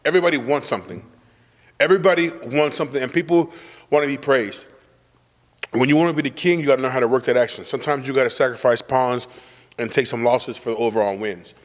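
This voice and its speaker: A man's voice: medium pitch, quick pace, in a large hall. A young man hosting a casual chat, telling a boastful, profane, slang-heavy story. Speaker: podcast host telling a story.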